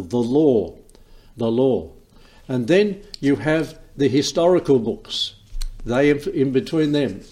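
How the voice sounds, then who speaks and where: A man's voice: mid-range voice, a little mellow, breathy edge. A man giving an informal sermon, talking through the sections of a Bible in a conversational way, often repeating words and restarting. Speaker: preacher.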